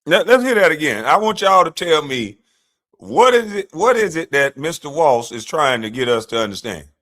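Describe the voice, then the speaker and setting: A fired-up man rants on a heated political commentary livestream, combative and mocking as he talks back to clips. His voice is fairly high, sing-song and fairly bright, at a moderate pace.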